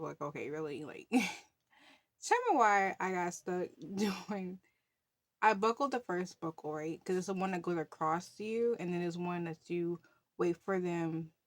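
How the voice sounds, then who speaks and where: A woman's voice: fairly low pitch, no room sound. A woman telling a story in a casual vlog, chatty, with many fillers and frequent laughs. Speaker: budgeting channel host.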